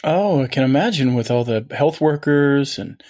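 A man's voice: medium pitch, animated, moderate pace, a little mellow. Earnest man co-host. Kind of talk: comedic interview.

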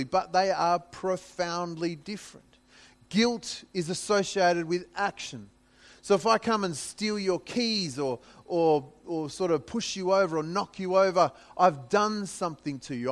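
A pastor preaching a sermon in a conversational way, acting out scripture in dramatic paraphrase. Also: male voice, high voice.

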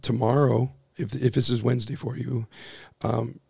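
A man in his forties with a hoarse, husky voice from overuse, co-hosting a casual church podcast in a small office with a joking, self-deprecating manner. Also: mid-range voice, little pitch movement, normal speed, darkish tone, no room sound. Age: 40s. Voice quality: gravelly, husky. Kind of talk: casual chat. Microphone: boom-arm studio mic.

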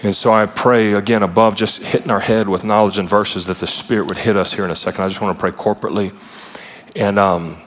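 Man, preacher, fairly low voice, conversational sermon, lively asides, long hall reverb. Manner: conversational, animated retellings with quick asides.

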